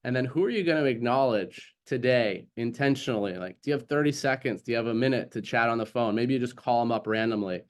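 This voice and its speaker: A man's voice: mid-range voice, fast, few pauses. A man hosting a group video call, leading the session in an encouraging, affirming way. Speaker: community call host.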